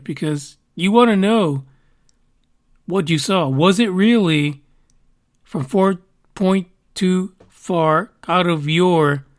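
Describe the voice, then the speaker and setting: Casting: male podcast host, fairly high voice, loose rambling delivery with fillers. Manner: rambling and conversational, with fillers and swearing. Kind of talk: casual podcast monologue.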